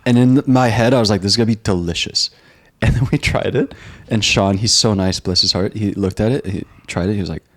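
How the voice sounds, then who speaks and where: A man being interviewed as a guest, talking in a relaxed, laid-back way with frequent ums. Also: fairly low pitch, fairly quick. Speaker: restaurant co-founder guest. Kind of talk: casual interview chat.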